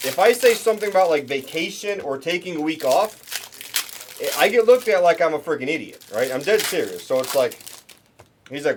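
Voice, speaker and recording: A man's voice: a little high, lively intonation, fairly quick, slight background noise. Rambling man hosting a card break. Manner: rambling, talks to chat viewers, restarts often. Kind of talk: casual livestream chat.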